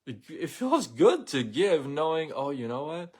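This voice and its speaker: Guy ranting slow and blunt on his live show, sarcastic. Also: on the high side, very animated, husky. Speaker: host of a daily live show. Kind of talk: casual monologue rant.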